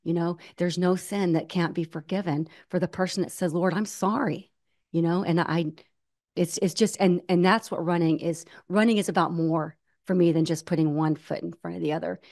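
A woman guest telling stories in an earnest, animated way, acting out the voices she quotes. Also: lowish voice, moderate pace. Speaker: guest, ultramarathon runner. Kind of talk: conversational storytelling.

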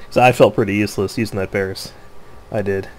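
A man casually commenting on his own gameplay, laughing often, joking and excitable, with faint noise behind him. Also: on the low side, fast talker.

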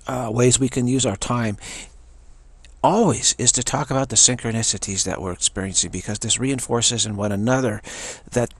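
A man giving a casual personal testimony, halting often and repeating words as he goes. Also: mid-range voice, husky.

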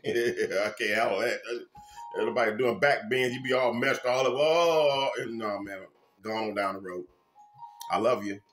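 A man, a minister, preaching an informal sermon with fervent, repetitive phrasing and sudden loud bursts. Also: lowish voice, brisk, echoey room, faint music behind.

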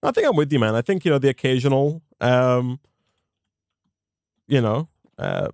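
A man's voice: mid-range voice, animated, normal speed, darkish tone, dry recording. A man co-hosting a modded game let's play, chatting in an easygoing way with dry jokes. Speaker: co-host of a gaming channel. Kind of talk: casual gameplay chat.

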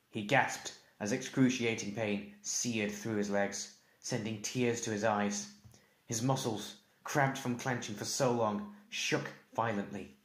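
A man with a low-pitched voice reads a fantasy audiobook in a measured, steady way. His home recording carries a noticeable roomy echo. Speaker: narrator. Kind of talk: audiobook narration. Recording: echoey room.

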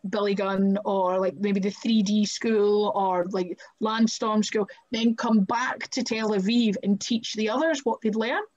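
A woman with a Scottish accent telling stories as a wrestler guest on a podcast, chatty and animated, often laughing and saying "like" and "right?". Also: mid-range voice. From Scotland. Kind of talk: casual storytelling interview. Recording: muffled lo-fi audio.

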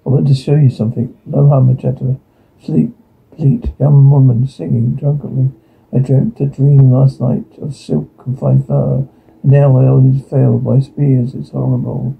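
A man reading aloud a TV episode's audio description and dialogue in a flat way, often stumbling and repeating words. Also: medium pitch, normal speed, gravelly, husky. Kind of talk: reading aloud a transcript with sound cues. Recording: tinny phone-like sound.

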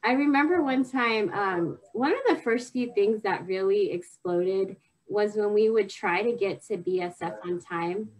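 Soft halting woman sharing reflectively. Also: medium pitch, rough recording. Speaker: podcast co-host. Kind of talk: casual chat.

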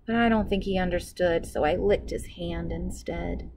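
A woman librarian reading a picture book aloud to children with expressive storytelling. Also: on the low side, moderate pace, gravelly, slight background noise, poor audio.

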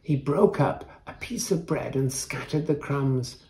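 A man reading a picture book aloud to children, gentle and showing the pages. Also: medium pitch. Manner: gentle, unhurried, shows the pages. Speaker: storyteller.

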